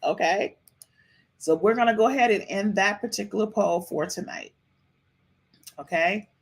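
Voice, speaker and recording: Sassy, animated woman podcast host. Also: medium pitch, moderate pace, breathy edge. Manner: animated, sassy, repeats herself often. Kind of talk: casual live-stream chat.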